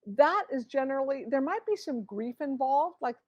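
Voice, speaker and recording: A woman's voice: high voice, moderate pace, no room sound, dull audio. A woman author as a guest in a conversational interview, acting out inner voices as she explains. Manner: animated, acts out inner voices.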